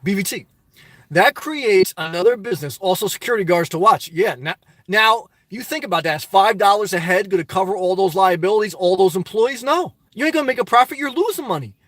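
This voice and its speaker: High-voiced Jersey man ranting. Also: a little fast, no room sound. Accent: New Jersey. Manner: animated, rhetorical questions, swings loud and soft. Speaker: livestream host reading chat. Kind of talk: casual live chat monologue.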